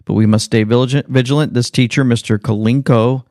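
A man hosting political commentary in an animated, sarcastic manner, reacting to clips. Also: medium pitch, a little fast, no echo, clean studio sound. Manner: animated, sarcastic, jumps between clips and remarks. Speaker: commentary host.

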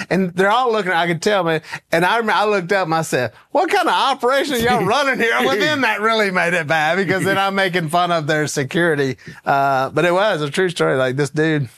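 Uomo del Sud degli USA, narratore alla buona, voce medio-alta, suono asciutto. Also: male voice, high voice, no room sound. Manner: animated, laughing, folksy storyteller. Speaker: guest. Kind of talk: casual storytelling anecdote.

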